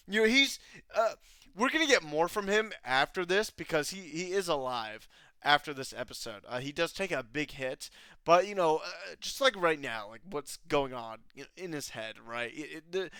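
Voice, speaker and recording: A man's voice: on the high side, bright, forceful tone, clean tone, no room sound. A young man casually recapping an anime episode, rambling with lots of fillers, swearing and laughing. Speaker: anime reviewer.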